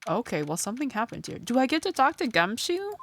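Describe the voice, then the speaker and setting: A woman's voice: fairly high pitch, sing-song, fast, a bit bright. A woman streaming a video game, thinking aloud in a chatty way full of "like"s. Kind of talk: casual game stream commentary.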